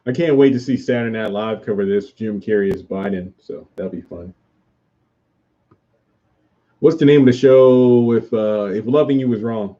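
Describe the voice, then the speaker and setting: Mellow-voiced man chatting casually on stream. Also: fairly low pitch, normal speed, muffled recording. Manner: rambling, answers viewers' comments aloud. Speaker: YouTube host reviewing a TV show. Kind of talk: casual livestream chat.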